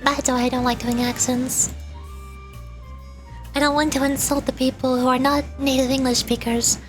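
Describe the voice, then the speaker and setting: A young woman streamer with a bright, high-pitched voice, chatting and rambling in a relaxed, offhand way and laughing easily. Soft music plays quietly underneath her talk. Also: moderate pace. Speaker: VTuber streamer. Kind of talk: casual stream chat and game voice acting.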